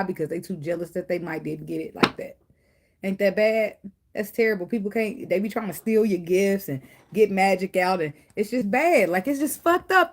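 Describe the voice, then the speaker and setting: Woman, tarot reader, casual and animated, curses freely. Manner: animated, swears freely, breaks into high acted quotes and laughter. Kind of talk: casual spiritual tarot reading.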